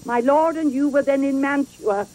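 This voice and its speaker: A woman's voice: high voice, normal speed, a little mellow, natural voice, rough recording. An actress playing a garrulous, fond old female nurse in a theatrical Shakespeare performance, rambling and chuckling as she talks. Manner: rambling, chuckling, swooping delivery.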